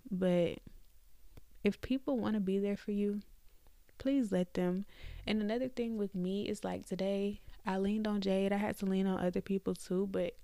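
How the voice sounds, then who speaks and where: A woman's voice: mid-range voice, gravelly, warm tone, no room sound. A young woman hosting a faith podcast, talking candidly and conversationally to her listeners from her bed at home. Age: young adult. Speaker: podcast host.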